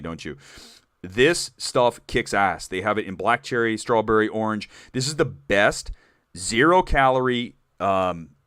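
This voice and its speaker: A man hosting a live movie talk show, chatting candidly to viewers with animated, rambling asides. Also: fairly low pitch, no echo. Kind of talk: live-stream chat reading viewer comments.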